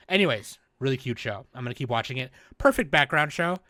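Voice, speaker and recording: A man hosting a podcast, recapping in a rambling, animated, casual way and swearing freely. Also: medium pitch, dry recording. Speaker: podcast host. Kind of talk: casual chat.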